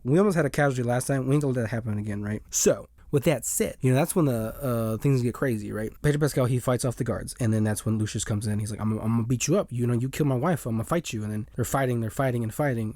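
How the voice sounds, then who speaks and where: A young man casually recapping a movie, rambling and animated, acting out the characters' lines in passing. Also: medium pitch, dry recording, clean studio sound.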